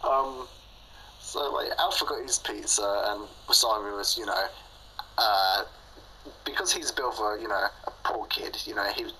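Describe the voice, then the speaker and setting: A man's voice: fairly low pitch, normal speed, pushed and bright, a little hiss or hum, low-quality recording. A young man telling a story in casual chat, rambling with lots of fillers and frequent laughs.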